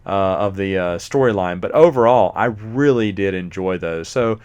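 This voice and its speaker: A man's voice: deep voice, moderate pace, darkish tone, smooth. A man, casually reviewing movies as a host, rambling and often forgetting names.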